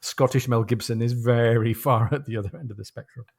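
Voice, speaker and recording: A man co-hosting a podcast, chatting casually about a novel and reading passages aloud slowly and deliberately. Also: mid-range voice, steady tone, gravelly, a little mellow. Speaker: podcast co-host. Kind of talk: casual book discussion with read-aloud passages.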